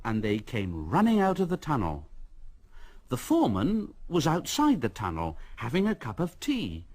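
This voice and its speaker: A man reading a children's storybook aloud as narrator, in an expressive way. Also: mid-range voice, normal speed. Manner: expressive, with lively rises and falls.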